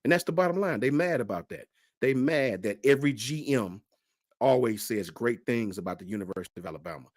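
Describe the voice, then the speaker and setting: A man's voice: medium pitch, fairly quick, no room sound, studio quality. A middle-aged man hosting a fan channel livestream, ranting with passion in colloquial talk and reading out chat messages. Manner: impassioned, lively, colloquial Southern.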